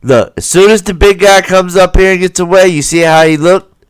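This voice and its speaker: A man's voice: sits high, steady tone, normal speed. A man hosting a livestream and commenting casually on video footage, swearing and firing rhetorical questions at viewers. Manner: profane, keeps asking the viewer rhetorical questions; acts out the people in the footage in quoted voices. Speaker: livestream host.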